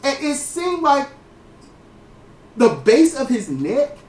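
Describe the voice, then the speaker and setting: A man hosting a casual wrestling podcast, telling stories in a lively way, with frequent swearing and restarted sentences. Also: extremely high pitch, slow pace. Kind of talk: casual commentary chat. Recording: roomy, distant mic.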